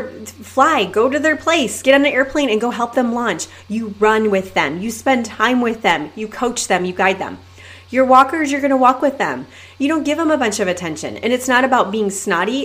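A peppy young woman talks straight to her podcast listeners as their coach. Her delivery is emphatic and upbeat, and she keeps calling them "you guys." Her voice sits at an ordinary pitch for a woman. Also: fairly bright tone. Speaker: podcast host and network marketing coach. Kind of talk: energetic solo podcast coaching talk.

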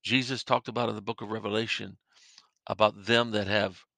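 Gravelly, bright-toned preacher, dry close mic. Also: male voice, on the low side, flat delivery, fairly quick, no echo. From northern United States. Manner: earnest, repetitive preaching cadence with stammered restarts. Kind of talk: podcast sermon.

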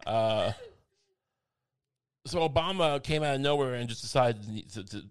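A man's voice: mid-range voice, expressive, moderate pace, smooth. Rambling, self-mocking man in casual chat.

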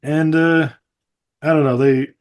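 A man's voice: a little high, steady tone, unhurried. A man co-hosting a podcast, recapping a movie in a rambling, profane way full of fillers and laughter. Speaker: podcast co-host. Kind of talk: casual movie recap chat.

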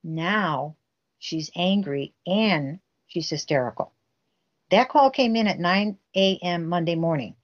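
A woman's voice: fairly low pitch, animated, slow, muffled recording. A woman guest telling a family story intensely, acting out the quoted dialogue herself. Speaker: guest recounting a family case. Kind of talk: emotional storytelling interview.

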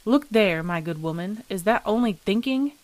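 A woman's voice: mid-range voice, expressive, moderate pace, lightly acted. A woman voicing a shaken young Englishman who snaps and growls out his words in desperation. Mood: desperate. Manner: tense, growling, savage outbursts. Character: rattled young English gentleman lodger, desperate.

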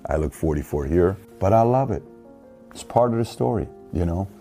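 A man's voice: sits low, animated, normal speed, mellow, soft background music. A man in his forties hosting an opinionated commentary, talking emphatically and firing rhetorical questions at the listener. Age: 40s. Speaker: show host.

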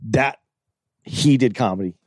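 A man in a casual chat, laid-back and a little hesitant, with some swearing. His voice sits at an ordinary pitch, recorded dry and close. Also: a little slow, no echo.

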